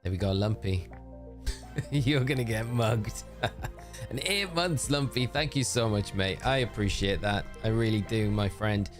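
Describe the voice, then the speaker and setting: This is a man with a fairly low, worn-out voice, chatting easily to his live-stream audience. He sounds upbeat and friendly, with soft game music playing underneath. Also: unhurried. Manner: chatty and upbeat, thanking viewers by name. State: tired voice. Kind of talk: casual live-stream chat while gaming.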